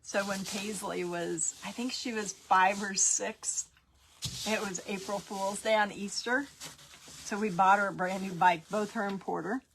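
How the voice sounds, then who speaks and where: A woman's voice: medium pitch, fairly even intonation, measured pace, fairly bright tone, a little hiss or hum. A woman in her fifties, a grandmother, chatting and rambling through a DIY craft tutorial and laughing often as she tells family stories.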